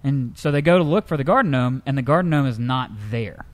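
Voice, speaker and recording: A man co-hosting a comedic news-story show, telling tales in a lively, animated way. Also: fast talker. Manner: lively storyteller, jumps into high pitch for characters. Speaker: co-host.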